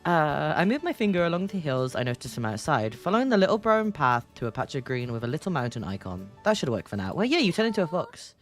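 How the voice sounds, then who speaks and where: A woman's voice: low voice, very animated, fast talker, few pauses, faint music behind. A woman streamer chatting playfully and reading a game aloud, giggling and teasing. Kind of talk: casual commentary while reading a game aloud.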